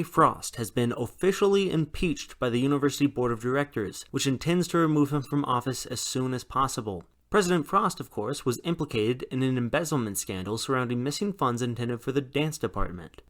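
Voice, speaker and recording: Male college radio news host, deadpan straight-faced read, mid-range voice. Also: medium pitch. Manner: straight-faced newsreader delivery. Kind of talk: mock news broadcast.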